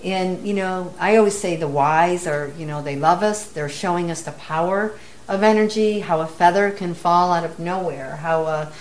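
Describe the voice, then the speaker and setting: A middle-aged woman casually telling stories as a medium, lively as she acts out what people said. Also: lowish voice, normal speed, slight background noise. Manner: animated, acts out quoted voices. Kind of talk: casual storytelling.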